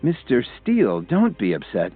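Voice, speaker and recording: A man's voice: mid-range voice, wildly swooping pitch, normal speed, slightly rough, voice pushed up, heavily acted. A man voicing an arrogant man who stammers and fawns before his superior. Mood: nervous. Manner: stammering, obsequious. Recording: tinny phone-like sound, faint music.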